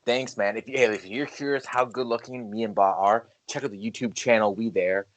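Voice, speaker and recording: A man co-hosting a casual sports podcast, hyped and loud on the intros. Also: fairly low pitch, steady tone, fairly quick, slight background noise. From Canada. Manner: hyped, shouty announcer-style intros. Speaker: podcast co-host.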